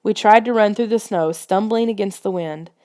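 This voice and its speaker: Lady reading a spooky kids book aloud, tense storytelling, medium pitch. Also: moderate pace, darkish tone. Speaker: audiobook reader. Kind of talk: scripted storybook narration.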